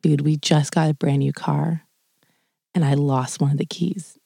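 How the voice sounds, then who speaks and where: A woman's voice: low-pitched, steady tone, unhurried, vocal fry, mellow, slightly rough, dry recording, studio quality. A young woman co-hosting a podcast, chatting casually and animatedly, swearing freely. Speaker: podcast co-host. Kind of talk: casual chat.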